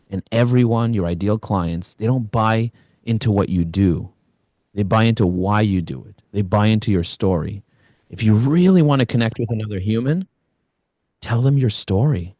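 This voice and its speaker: A man in his forties hosting a live online coaching session, energetic and storytelling, with rambling asides. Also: mid-range voice, no echo, clean studio sound. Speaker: host, LinkedIn coach.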